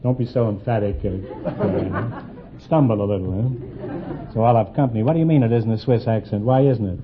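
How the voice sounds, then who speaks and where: Quiz show guy cracking jokes at the couple, muffled old recording w loud hiss. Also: fairly low pitch, crowd noise. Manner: teasing, quick punning asides. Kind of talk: wisecracking quiz show banter.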